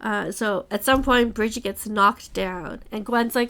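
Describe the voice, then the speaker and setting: A woman hosts a casual book club chat, unhurried and mid-range in voice. She recaps the plot through animated retellings packed with quoted lines and swearing.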